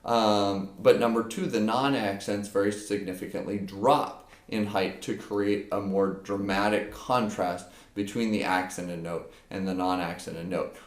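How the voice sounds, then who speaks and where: A man's voice: lowish voice, fairly even intonation, measured pace, hardly any pauses. A man giving an unscripted percussion lesson, explaining step by step with frequent fillers. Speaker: percussion teacher. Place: practice room with a drum. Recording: echoey room.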